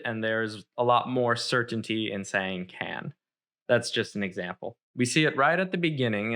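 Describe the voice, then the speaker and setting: A man's voice: fairly low pitch, pushed and bright. A man giving a dry, sarcastic lyric analysis, picking apart the song's wording. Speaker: song reviewer.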